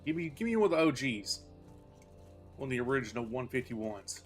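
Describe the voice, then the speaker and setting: A man's voice: mid-range voice, sing-song, fairly quick, faint music behind. A man in his thirties streaming a game, chatting casually in a rambling, self-deprecating way. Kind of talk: casual chat while playing.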